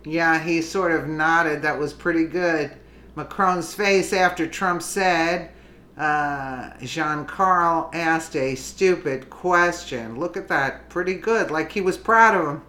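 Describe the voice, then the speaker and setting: A woman's voice: deep voice, slow, sharp tone. A woman giving opinionated political commentary, indignant and emphatic, often restarting her sentences.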